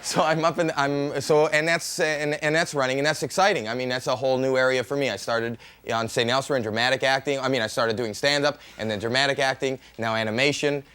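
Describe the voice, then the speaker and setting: A man's voice: mid-range voice, fairly even intonation, fast talker, few pauses, a bit bright, clear, resonant tone. A man in his thirties, a comedian and talk show guest, chatting in a joking, rambling way that keeps restarting mid-sentence. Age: 30s. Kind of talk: casual chat with rambling self-interruptions.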